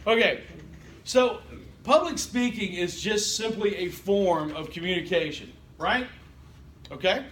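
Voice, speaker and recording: Male lecturer, conversational, a bit higher voice, faint background noise. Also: animated, a little slow, a bit bright. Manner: conversational, asks the class questions, frequent okay and you know. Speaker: college instructor. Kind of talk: classroom lecture. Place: classroom.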